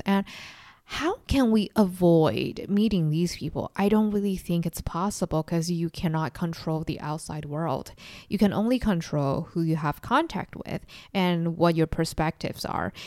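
A woman's voice: fairly low pitch, animated, normal speed, darkish tone, dry recording, studio quality. A woman in her twenties hosting a solo podcast, talking in a reflective, confiding way and sometimes mimicking people sarcastically. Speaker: podcast host.

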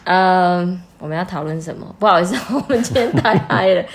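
A woman's voice: fairly low pitch, a little fast, heavy background noise. A woman from Taiwan hosting a casual bilingual chat, cheerful and giggly. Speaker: host.

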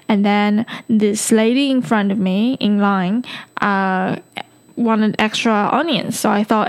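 A woman's voice: on the high side, clean tone. Giggly, rambling woman podcast host. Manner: rambling, giggly, with frequent ums. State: a little tipsy. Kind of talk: casual solo podcast monologue.

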